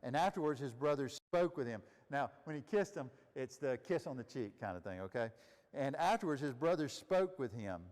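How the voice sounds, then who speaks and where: A man's voice: medium pitch, expressive, moderate pace, a little mellow. Man teaching in a reverberant room. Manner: conversational, asks the group questions. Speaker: Bible study teacher. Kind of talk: casual teaching to a group. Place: room with a group of listeners.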